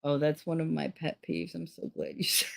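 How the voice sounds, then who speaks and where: With vocal fry and a flat, slightly fast delivery, a middle-aged woman hosting a stream chats casually with her live chat in a low-sitting voice. She's blunt and profane, and she laughs often.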